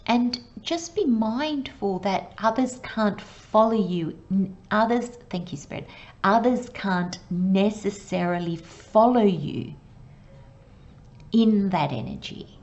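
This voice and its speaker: A woman giving a casual tarot reading, excitable and rambling, with frequent laughs and soft asides. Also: mid-range voice, slow, lo-fi sound. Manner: excitable, rambling, laughs often, sometimes drops to a whisper. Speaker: tarot reader.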